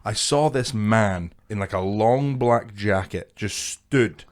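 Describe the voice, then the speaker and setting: A young man, co-hosting a comedy podcast and telling an anecdote in a laughing, animated way, swearing often. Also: lowish voice, slow pace. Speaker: podcast co-host. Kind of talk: casual comedic storytelling.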